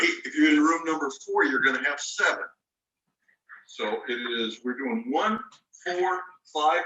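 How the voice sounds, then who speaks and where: Bright-toned teacher in a roomy room. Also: male voice, a little high. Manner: patient, explains rules step by step and spells words letter by letter. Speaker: ESL teacher. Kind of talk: online class lecture. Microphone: video call microphone. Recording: roomy sound, mic at a distance.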